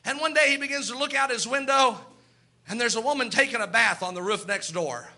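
A man's voice: very high-pitched, a little fast, bright, forceful tone. A man preaching a sermon, telling Bible stories and acting out the characters' voices, building up with emphatic repetition. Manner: storytelling, acts out Bible characters in quoted voices.

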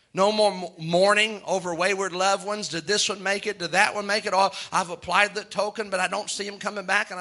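A man preaching a sermon, chanting long lists in a slow rhythmic litany and chuckling between points. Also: sits high, bright, forceful tone.

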